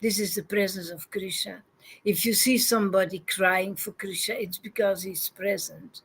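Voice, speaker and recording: A woman's voice: mid-range voice, fairly even intonation, moderate pace, husky. A woman giving an informal devotional talk as a spiritual teacher, reflective and often laughing.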